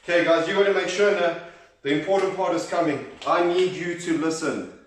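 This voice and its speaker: In a very echoey room, a man with a fairly high voice talks a little fast while guiding kids through exercises. He counts reps aloud and cheers them on, getting winded at times, and his voice comes from a distance.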